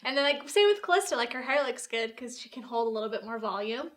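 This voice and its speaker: A woman style expert talks casually with friends, giggling through her words. Her voice sits a little high and sounds very bright. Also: animated, quick pace. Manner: giggly, laughs often while talking. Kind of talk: casual group chat.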